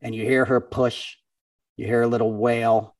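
A man's voice: mid-range voice, moderate pace, no room sound, far from the mic. A man and comedian guest telling a story in casual conversation, acting out other people's voices as he goes. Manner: animated, acts out other people's voices in stories. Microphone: podcast microphone.

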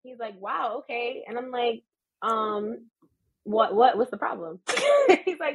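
A woman in her thirties from the United States, telling travel stories as a guest in a casual, animated interview and laughing often. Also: a little high, a little slow, noisy background. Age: 30s.

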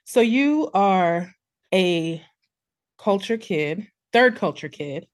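A woman's voice: medium pitch, expressive, takes it slowly, dry recording. A woman hosting an interview, chatty and laughing along as she asks questions. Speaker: host. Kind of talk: casual interview conversation.

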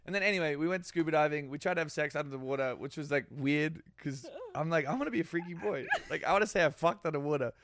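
A man's voice: fairly high pitch, fast, hardly any pauses. Laid-back Australian young man. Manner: relaxed, crude, giggly storyteller. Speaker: guest. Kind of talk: casual podcast chat.

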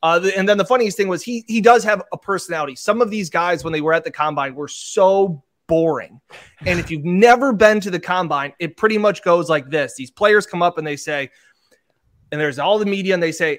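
Chatty male sports reporter, slightly high. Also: brisk, fairly bright tone. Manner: chatty storyteller, mimics interview exchanges. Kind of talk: sports talk discussion.

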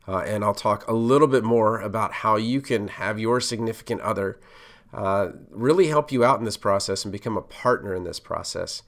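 A man's voice: lowish voice, moderate pace, fairly bright tone. A man hosting a podcast, giving casual career advice in a conversational, loosely rambling way full of asides.

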